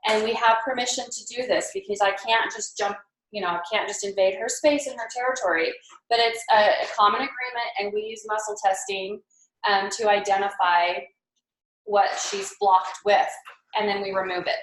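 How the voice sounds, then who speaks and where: A mother presenting at a team training to a live group, telling animated stories and acting out quoted voices. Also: mid-range voice, fairly quick. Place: meeting room with a live audience. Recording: echoey room.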